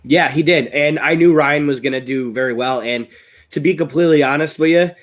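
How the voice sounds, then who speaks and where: An American man recovering from illness, telling stories in a rambling, excitable way on a live video call. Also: on the high side, brisk. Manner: rambling, excitable storytelling, raises voice when recounting. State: ill, voice strained. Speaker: guest, chili-eating champion. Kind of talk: casual live-stream chat. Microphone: webcam on a live video call.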